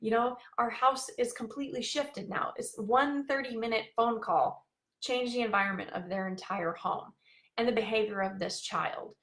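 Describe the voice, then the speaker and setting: A woman's voice: on the high side, moderate pace, a bit bright. A woman life coach talking live to her viewers in a bubbly, chatty way, with many fillers. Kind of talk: live-streamed coaching talk.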